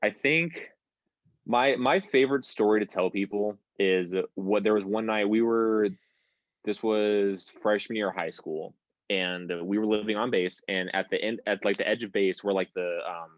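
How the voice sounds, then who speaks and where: A man's voice: lowish voice, moderate pace, no echo, muffled recording. A young American man telling stories on a podcast, rambling and swearing freely. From United States. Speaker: podcast guest. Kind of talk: casual podcast chat.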